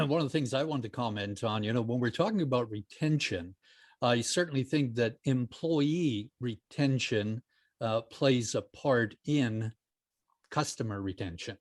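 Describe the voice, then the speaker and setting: A man joining a podcast as a guest, making a measured, deliberate point. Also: mid-range voice, no echo, studio quality. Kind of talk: podcast comment.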